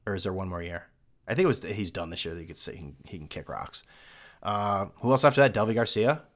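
A man's voice: low voice, animated, fast talker. Sarcastic man ranting on a podcast. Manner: sarcastic, mocking, with mimicked fan voices. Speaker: podcast host. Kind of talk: solo sports rant.

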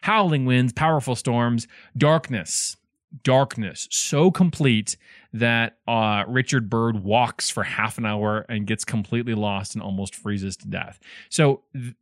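A man's voice: medium pitch, dry recording, clean studio sound. A man co-hosting a casual podcast, telling a story with teasing humor. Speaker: podcast co-host.

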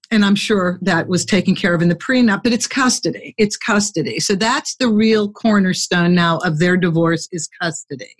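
A woman hosting a casual podcast interview, chatty and quick to laugh. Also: fairly low pitch. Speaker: podcast host.

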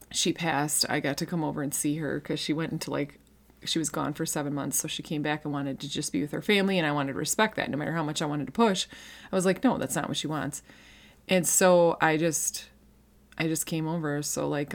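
A woman in her thirties, her voice low, dusky and creaky, shares a personal faith testimony. She speaks earnestly and conversationally, tripping over restarts and fillers, emotional and near tears.

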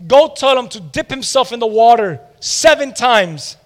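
A man's voice: very high voice, expressive, unhurried, long reverb tail. A man in a sermon voicing a confident prophet who speaks in a reassuring, matter-of-fact way. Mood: assured.

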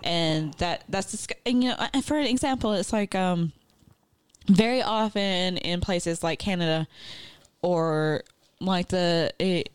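Lower-voiced woman chatting with fillers. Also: a little slow, smooth, no room sound. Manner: hesitant, lots of fillers and restarts. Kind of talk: casual chat.

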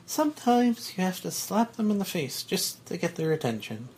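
Man playing a sugary fairy woman, delicate British accent, falsetto, gentle scolding, script reading. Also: big pitch swings, normal speed, a little hiss or hum. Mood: sweet. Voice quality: sing-song falsetto. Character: sweet, chirpy female fairy spirit.

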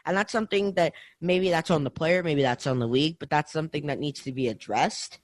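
A young man co-hosting a casual sports podcast, talking in an animated way with lots of restarts and tag questions. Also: a little high, fairly quick, dry recording. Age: young adult. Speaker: podcast co-host.

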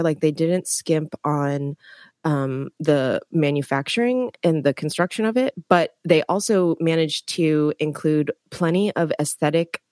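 A woman hosting a podcast, asking questions in a relaxed, curious way with a few ums. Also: on the low side, no room sound, clean studio sound. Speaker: podcast host. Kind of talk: casual interview chat.

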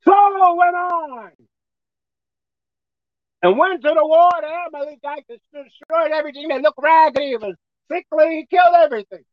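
A woman preacher delivering a folksy, emphatic sermon, swinging between shouting and hushed tones. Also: sits high, fairly quick, no echo, lo-fi sound. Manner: folksy, colloquial.

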